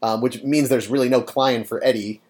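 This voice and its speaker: A man's voice: medium pitch, steady tone, moderate pace, a little mellow. A man co-hosting a casual podcast, recapping a TV episode in a laid-back, sarcastic way with lots of ums. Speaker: podcast co-host.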